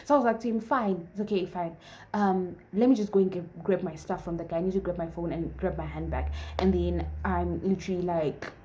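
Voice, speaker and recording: A woman's voice: lowish voice, steady tone, fairly quick, warm tone, a little hiss or hum. A young woman in her twenties casually telling a personal story, chatty and full of fillers, acting out the dialogue. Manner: chatty, filler-heavy, acts out quoted dialogue. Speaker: vlogger.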